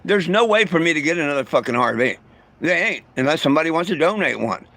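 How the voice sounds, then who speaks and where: A man's voice: on the high side, animated, quick pace, bright, forceful tone, no echo. A man talking bluntly and profanely to his livestream viewers, stumbling over his words and restarting often. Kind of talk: casual livestream rant.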